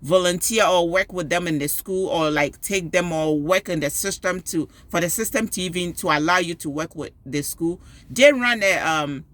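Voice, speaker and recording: A woman and school parent telling a story with animated emphasis, giving advice in a personal video. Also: fairly low pitch, normal speed, dry recording. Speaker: parent and PTO volunteer.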